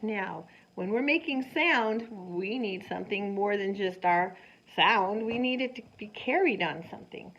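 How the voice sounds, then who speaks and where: A woman teaching a science lesson to children, animated and sing-song, often asking them questions. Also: medium pitch, unhurried. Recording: dull lo-fi sound with faint noise.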